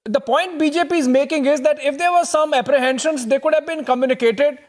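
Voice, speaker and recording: A man's voice: very high-pitched, brisk. A man moderating a live TV debate as news anchor, pressing guests with questions and frequent hesitant restarts. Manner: interjecting, repeated hesitations.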